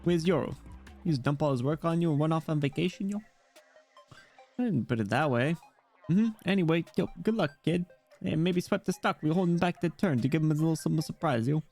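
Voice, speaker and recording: A man's voice: a little high, fairly quick, a little mellow, faint music behind, voice pushed up. A man voicing a swaggering immortal emperor penguin rapper who talks in laid-back slang, reading a game story aloud. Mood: cocky.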